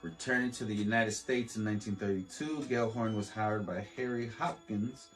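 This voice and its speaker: Low-voiced man reading over faint beats. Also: normal speed, soft background music, low-quality recording. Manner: reads aloud with stumbles, restarts and joking asides. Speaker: podcast host. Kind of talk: casual reading with asides. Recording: faint beat playing under the voice.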